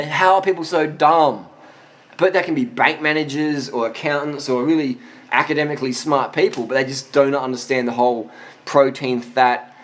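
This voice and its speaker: A man in his forties speaks in a casual question-and-answer monologue, blunt and full of swearing. He is tired after a long ride, and his pitch sits in an ordinary middle range. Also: a bit bright. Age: 40s. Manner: blunt, profane and emphatic. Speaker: vlogger answering viewer questions.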